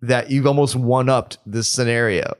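A man's voice: mid-range voice, steady tone, normal speed. A man co-hosting a podcast in casual chat, rambling with many fillers and restarts. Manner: rambling, full of fillers and restarts, laughs often. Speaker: podcast co-host.

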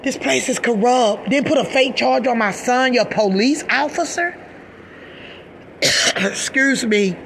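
A woman's voice: fairly high pitch, slow pace, gravelly, pauses often, fairly bright tone, slight background noise. A middle-aged woman, a mother, giving an impassioned personal rant to camera, agitated and emphatic, swearing and repeating herself. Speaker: mother speaking out in a video.

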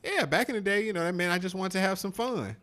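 A man's voice: high-pitched, animated, fast, a bit bright. A young man co-hosting a podcast, rambling in a loose, profane casual chat full of "like" and "man". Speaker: podcast co-host.

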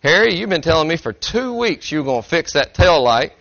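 A man's voice: on the high side, big pitch swings, a little fast, a bit bright, dry recording, voice pushed up. A man doing a tattling nagging wife. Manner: exasperated, tattling. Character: nagging middle-aged wife tattling in the car. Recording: dry, slightly dull recording.

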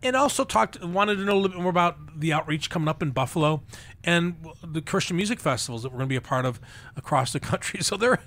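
Animated man telling a lively story. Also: a little high, quick pace. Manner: animated, chatty storyteller with frequent laughs. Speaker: ministry leader guest. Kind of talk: radio interview storytelling.

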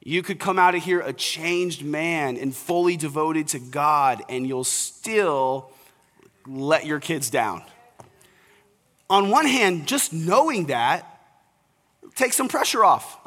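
Bright-voiced male pastor preaching in a hall. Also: a little high. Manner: earnest, conversational preaching to fathers. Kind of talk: sermon. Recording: reverberant hall.

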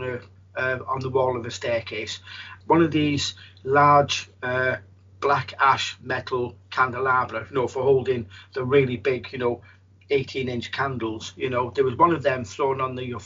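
A medium with a husky voice, telling a story in a rambling way, with many restarts. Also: male voice, medium pitch, fairly even intonation, measured pace, pushed and bright, highs cut off. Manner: rambling, frequent restarts and fillers. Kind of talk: storytelling in an interview.

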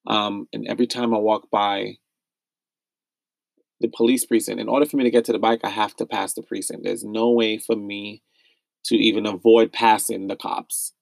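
A man's voice: lowish voice, level tone, moderate pace, creaky, no room sound. A young man from the United States hosting a solo podcast, speaking with raw pain and anger, repeating himself as he vents. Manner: emotional, repetitive, pained and angry. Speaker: podcast host.

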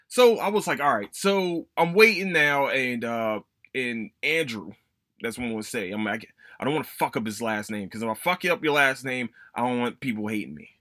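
A young man hosting a podcast, chatting casually in a rambling, profane, animated way. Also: medium pitch, normal speed, dry recording. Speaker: podcast host. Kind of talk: casual solo chat.

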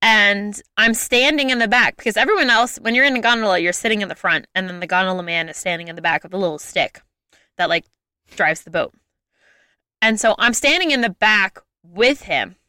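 A young woman telling a travel story in a casual chat, lively and full of "like" fillers. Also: mid-range voice, brisk, smooth, dry recording, clean studio sound. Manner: lively, chatty, frequent "like" fillers.

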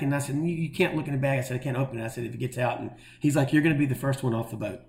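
A middle-aged man telling a long story in a casual, animated way and acting out the voices of the people in it. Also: medium pitch, very fast, creaky, hardly any pauses, reverberant. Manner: animated, acts out quoted voices. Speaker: guest telling stories.

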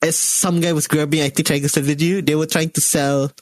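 A man with a Malaysian English accent co-hosting a casual gaming podcast, telling stories in an animated way. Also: a little high, brisk, dry recording. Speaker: podcast co-host. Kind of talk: casual chat.

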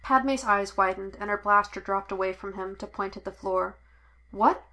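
Woman narrator, audiobook reading, bright tone, measured delivery. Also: medium pitch. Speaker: podfic reader. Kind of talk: storybook narration.

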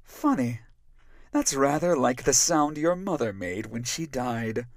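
A man's voice: mid-range voice, very animated, measured pace, dry recording, studio quality. A man voicing a cruel, taunting evil fairy woman in an audiobook. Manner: sing-song mocking.

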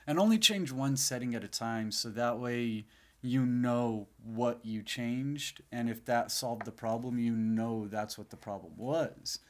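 A man's voice: medium pitch, measured pace. A man hosting his own podcast in a casual, rambling monologue, sleepy and yawning, swearing freely now and then. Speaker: podcast host.

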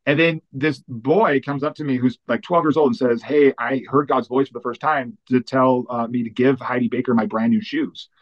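A man who works as a pastor, telling lively personal stories in an interview with lots of fillers and restarts. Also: mid-range voice, dull audio. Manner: animated, fast-running anecdotes with many fillers. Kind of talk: storytelling in an interview.

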